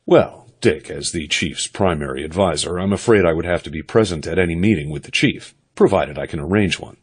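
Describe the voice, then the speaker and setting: A man voicing a suspicious, smooth male political advisor with a hearty, hail-fellow-well-met tone in an audiobook. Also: sits low, fairly quick. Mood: guarded.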